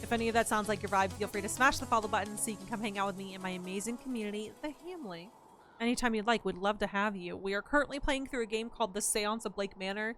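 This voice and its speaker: A woman's voice: medium pitch, quick pace, fairly bright tone, faint music behind. A woman hosting a casual gaming live stream, chatting and greeting viewers in a bubbly, welcoming way.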